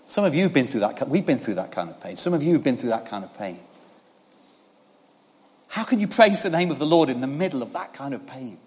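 A man preaching a sermon at a church service, talking conversationally with many tag questions to the congregation, and swinging between loud emphasis and quiet passages. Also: mid-range voice, very animated, fairly quick, long pauses.

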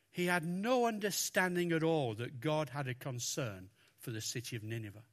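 A man preaching a sermon, talking through a Bible passage with lots of expression and acting out the lines he quotes. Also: normal speed. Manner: expressive, animated, acts out quotes with raised pitch.

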